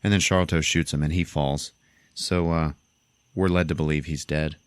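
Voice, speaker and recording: A man's voice: rumbling low, fairly even intonation, moderate pace, clear, resonant tone, no room sound. A man hosting a podcast, casually retelling a film's plot and often laughing as he acts out lines. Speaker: podcast host. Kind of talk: casual film recap.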